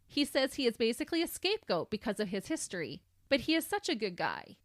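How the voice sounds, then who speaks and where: A woman's voice: on the high side, very animated, fast, no echo, clean studio sound. A woman hosting a podcast, recounting a true crime case in a sardonic storytelling manner. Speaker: podcast host.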